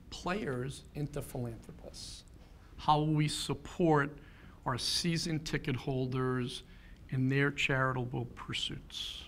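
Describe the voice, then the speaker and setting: A man's voice: mid-range voice, gravelly, a bit bright, slight background noise. A man in his fifties giving a keynote talk, telling a personal story in an earnest way and building to rhetorical questions. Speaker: keynote speaker.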